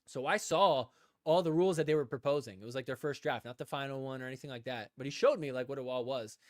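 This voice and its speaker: A man hosting a casual podcast live stream, telling a rambling story and acting out both sides of the conversation, breaking into loud laughter. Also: mid-range voice, fast, no echo, studio quality. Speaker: podcast host.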